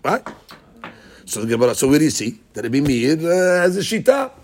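A man's voice: fairly high pitch, very animated, a little fast, darkish tone. A man teaching a daily Gemara class, asking rhetorical questions and mixing in Hebrew and Aramaic terms. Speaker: Talmud teacher.

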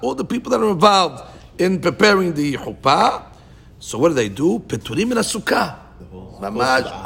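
Male Talmud teacher, lively and questioning, gravelly tone, slightly high pitch. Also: normal speed. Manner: animated, questioning, mixes Hebrew and Aramaic terms. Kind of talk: Talmud class explanation.

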